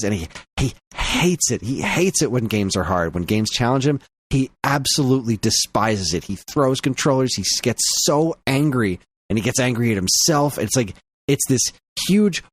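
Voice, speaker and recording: A man co-hosting a podcast in casual chat, rambling through an anecdote and laughing often. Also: mid-range voice. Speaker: podcast co-host.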